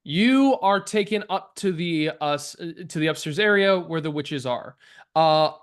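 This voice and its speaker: A man narrating as game master of a tabletop game, halting and full of fillers. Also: fairly high pitch, animated, clean tone. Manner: halting, many fillers and restarts.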